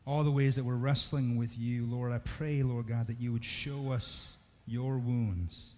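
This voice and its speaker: Male pastor, earnest sermon delivery, mid pitch, long reverb of a church sanctuary. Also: fairly even intonation, dark tone. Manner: earnest, slows for emphasis.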